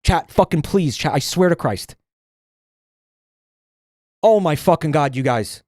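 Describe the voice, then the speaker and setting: A man's voice: a little high, expressive, measured pace, darkish tone, dry recording, clean studio sound. A man streaming, ranting bluntly and swearing a lot in casual livestream commentary.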